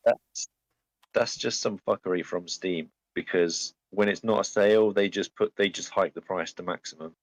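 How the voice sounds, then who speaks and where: A man's voice: sits low, steady tone, moderate pace, no echo. A man in voice chat on a gaming stream, matter-of-fact, reading out facts as he checks them. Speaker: co-host in voice chat. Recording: dull lo-fi voice chat.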